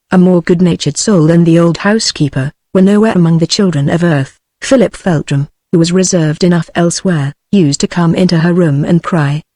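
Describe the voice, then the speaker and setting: A text-to-speech voice of a woman with a British English accent reading a classic novel aloud in an even, machine-read manner. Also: fairly low pitch, no room sound. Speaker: audiobook narrator.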